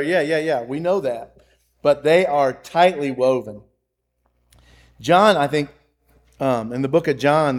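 A man preaching a sermon, reading scripture with rising emphasis and often repeating his phrases. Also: fairly high pitch. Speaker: pastor.

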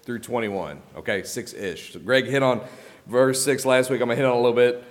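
A man's voice: medium pitch, fairly quick. A man preaching a casual sermon as pastor, conversational and self-correcting, often checking in with "okay?" and "like". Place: church sanctuary. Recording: long church reverb.

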